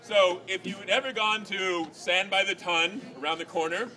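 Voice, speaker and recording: A man telling a rambling personal story to a live audience, acting out quotes and yelling. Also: sits high, normal speed, a crowd in the background. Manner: rambling, animated, acts out quotes and yells.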